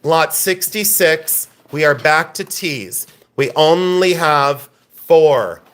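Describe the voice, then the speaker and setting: An American man hosts a live-stream sale, teasing viewers and rambling between lots in casual auction chat. His voice is on the high side and fairly bright, and he takes it slowly.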